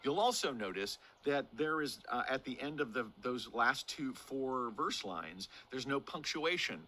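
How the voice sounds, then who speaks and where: A man in his sixties, an acting teacher giving a lively lesson on speaking verse, demonstrating delivery and swinging his voice up and down for emphasis. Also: mid-range voice, a little slow, a little hiss or hum.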